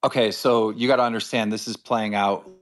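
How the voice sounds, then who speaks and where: A man's voice: on the low side, steady tone, a little fast, a bit bright. A man hosting a heated casual debate, explaining a timeline in rambling, profane bursts. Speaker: show host.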